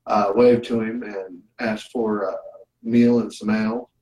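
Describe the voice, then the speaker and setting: Low male player, casual tabletop play, heard from a distance in an echoey room. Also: steady tone, unhurried, darkish tone. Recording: distant, roomy mic.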